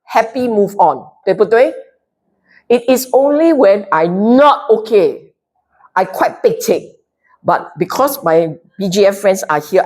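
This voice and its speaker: A woman with a Singaporean English accent gives a Buddhist Dharma talk, animated and playful, mixing in local slang. She is direct and keeps checking whether the audience follows. Her voice is mid-range and her pace a little slow.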